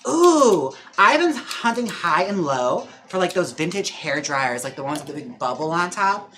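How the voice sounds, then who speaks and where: A man hosting a livestream in casual chat, talking with lots of fillers and quick laughs. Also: on the high side, lively intonation, bright, forceful tone. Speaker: live-stream host. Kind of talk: casual chat during a wig-styling livestream.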